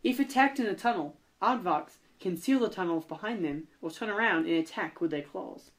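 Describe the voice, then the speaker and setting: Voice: medium pitch, expressive, moderate pace, over a noisy crowd. A young adult podcast host chatting casually, rambling with many fillers and self-corrections. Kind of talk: casual chat.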